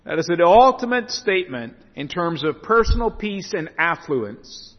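A man's voice: sits high, sing-song, normal speed. A man preaching a sermon and explaining scripture, often stumbling and repeating words, recorded in a church. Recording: reverberant hall, dull lo-fi sound.

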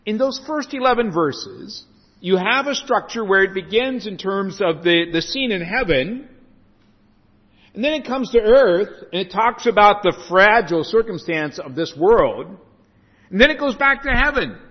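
Recorded in a church with a reverberant hall and a dull, lo-fi sound, a man with a high, expressive voice preaches and explains scripture without hurrying. He often stumbles and repeats words.

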